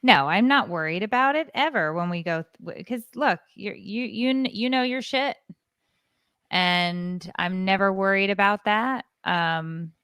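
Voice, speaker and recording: A woman's voice: medium pitch, measured pace, fairly bright tone, clean tone, no echo, studio quality. A woman co-hosting a podcast in casual chat, upbeat and encouraging, laughing often. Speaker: podcast co-host.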